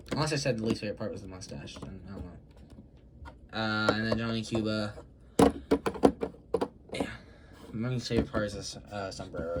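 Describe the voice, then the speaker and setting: A man's voice: on the low side, heavy background noise. A teenage boy showing off his Lego models in a casual, rambling vlog, chatty and self-conscious, often apologizing and giggling. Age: teens.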